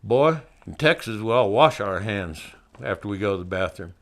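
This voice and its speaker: A man's voice: on the low side, expressive, normal speed. An older man voicing a small, polite, tough young cowboy in a story. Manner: polite, drawling.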